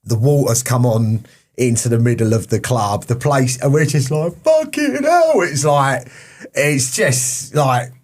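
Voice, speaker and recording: A husky man with a mid-range voice rambles with enthusiasm in a casual chat. He circles back on his own words and repeats himself as he builds his point. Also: medium pitch, steady tone, a little slow. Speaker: podcast host.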